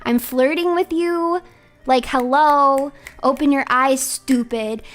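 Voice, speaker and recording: A woman's voice: high voice, slow pace, soft background music. A woman voicing a fiery young woman who is flustered, angry and scolding. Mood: exasperated. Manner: exasperated, scolding.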